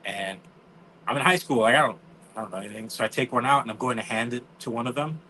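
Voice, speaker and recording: A man's voice: medium pitch, fast talker, bright, forceful tone, a little hiss or hum, poor audio. A man, telling stories in casual chat, acting out quotes and swearing freely. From New York. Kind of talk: casual storytelling.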